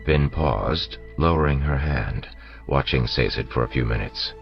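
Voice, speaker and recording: A man narrating an audiobook in a steady storytelling manner, on a dull lo-fi recording with faint music. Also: rumbling low, unhurried, gravelly. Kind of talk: scripted narration.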